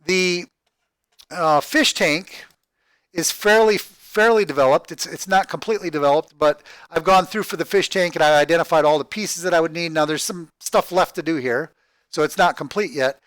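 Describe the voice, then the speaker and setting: A man with a somewhat high voice rambles through his budget figures, stopping and restarting and asking "right?" every few lines. He sounds like he's at home, close to a desk mic in a dry little room. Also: fairly bright tone, no room sound. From Texas, USA. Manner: halting, repeats words, thinks aloud, tags "right?". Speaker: crowdfunding project vlogger. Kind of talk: rambling screen-share walkthrough.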